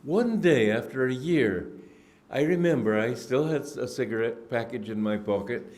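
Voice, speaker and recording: A man giving a spiritual discourse, telling stories in an unhurried, reflective way with frequent restarts and throat-clearing. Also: medium pitch, expressive, darkish tone. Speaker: spiritual teacher. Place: indoor gathering hall.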